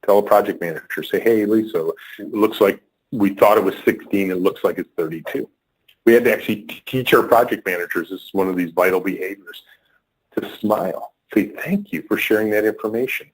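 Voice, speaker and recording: Podcast guest: middle-aged man, husky and low-pitched, lively storyteller who voices the people he quotes. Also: a little fast, poor audio. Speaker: guest, company leader.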